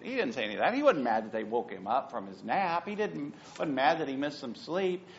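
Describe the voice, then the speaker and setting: In a sermon captured with dull lo-fi audio, a middle-aged man serving as pastor speaks in a mid-range voice, fairly quickly and with few pauses. His storytelling is animated and peppered with asides.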